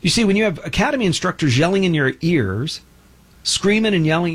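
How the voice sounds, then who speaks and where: A man's voice: sits high, expressive, fairly quick. A middle-aged man hosting a show, talking in an emphatic, preachy monologue and mocking imagined objectors in put-on voices. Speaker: show host. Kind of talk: opinionated monologue.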